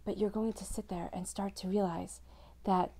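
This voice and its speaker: A woman's voice: mid-range voice, fairly even intonation, moderate pace, mellow. A woman giving a tarot reading, speaking directly and reassuringly to the listener in a flowing way. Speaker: tarot reader. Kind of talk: scripted-free spoken tarot reading to camera.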